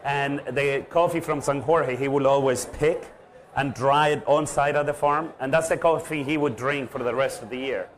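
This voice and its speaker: A man who farms coffee, leading a casual conversation and explaining his farm's history in a steady way. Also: medium pitch, moderate pace. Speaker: coffee farmer, guest host. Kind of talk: casual chat.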